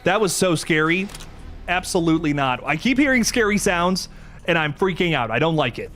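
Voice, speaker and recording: A man hosting a horror game let's play, talking to viewers as he plays, jumpy and excitable, swearing when startled. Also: fairly high pitch, moderate pace, slight background noise. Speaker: gaming channel host.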